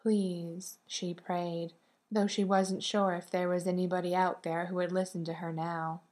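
A woman calmly narrating a romance novel with a gentle, measured delivery. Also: fairly low pitch. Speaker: audiobook narrator.

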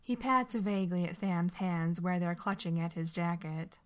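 A woman narrating a story aloud in an expressive, steady way. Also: fairly low pitch, normal speed.

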